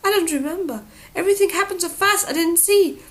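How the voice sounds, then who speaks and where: A timid, frightened young girl, as a woman reads her, hesitant and tearful, pitched high above the narration. A storybook reading. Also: brisk.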